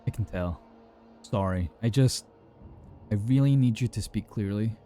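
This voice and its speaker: A man voicing an emergency call operator who gives calm, steady instructions to a frightened caller. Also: on the low side, moderate pace, soft background music, close to an everyday voice. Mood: firm.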